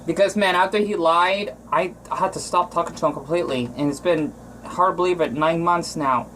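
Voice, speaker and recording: A man from Arizona talking in a casual cooking vlog, rambling and emotional, with frequent restarts and halting phrases. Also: a little high, a bit bright, a little hiss or hum, low-quality recording. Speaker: vlogger.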